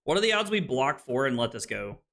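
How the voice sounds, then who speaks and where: A man's voice: medium pitch, very animated, a little fast, a bit bright. A man casually commentating his own card game on a live stream, frustrated and swearing, with hiccups and something stuck in his throat.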